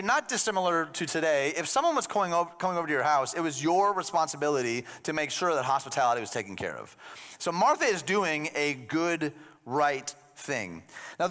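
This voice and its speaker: A man with a fairly high voice preaches a sermon in a relaxed, conversational way, slipping in wry jokes. His voice rings out with a long reverb from a church hall. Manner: conversational, with joking asides. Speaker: pastor.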